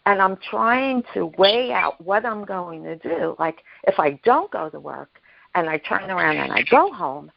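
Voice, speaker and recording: A woman telling an emotional personal story as a guest, halting and repeating herself, acting out the voices of the people she quotes. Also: on the low side, expressive, gravelly, lo-fi sound. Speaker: guest sharing her story. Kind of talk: emotional personal testimony on a podcast.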